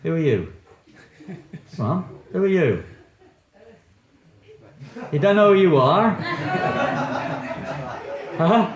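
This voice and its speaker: A preacher puts on a brash Australian bloke who keeps firing back the same question, louder each time. His pitch sits above his own voice and swings widely. Echoey hall sound. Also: very animated, extremely slow, pauses often, highs cut off, heavily acted. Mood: jokey, pushy. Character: blokey adult Australian man, proud of being Aussie.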